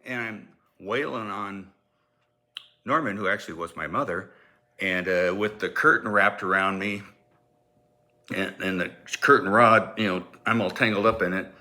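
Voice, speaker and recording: A man telling a comic personal story in an animated way, acting out sounds and voices. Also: on the low side, normal speed.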